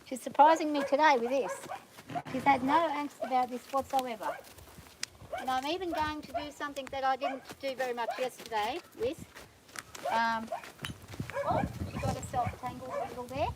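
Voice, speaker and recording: A woman working a nervous horse on a farm, calmly coaxing the animal while explaining each step to viewers. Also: sits high, normal speed. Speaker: horse trainer. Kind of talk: narrated training vlog. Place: outdoors on a farm on a windy day. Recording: outdoor recording with loud wind noise.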